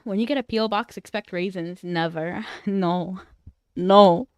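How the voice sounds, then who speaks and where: A young woman chats on a livestream in a playful, teasing way, going back and forth with her viewers. Her voice sits at a middle pitch. The sound is dry and close, with no room echo. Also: a little slow, smooth. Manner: playful, teasing, bantering with chat. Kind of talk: casual livestream chat.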